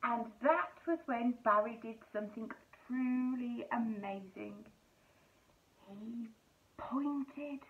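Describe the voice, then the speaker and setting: A woman teacher reading a picture book aloud to children, animated and asking them questions. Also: a little high, slow pace. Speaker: primary school teacher. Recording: tinny phone-like sound.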